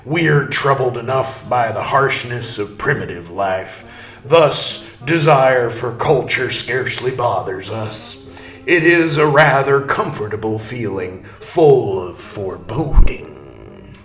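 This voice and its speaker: A man voicing a haggard male shepherd who left his German homeland, in a deliberately poor German accent, measured and unbothered. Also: medium pitch, expressive, a bit bright, voice pushed up. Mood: calm. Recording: roomy echo, faint music.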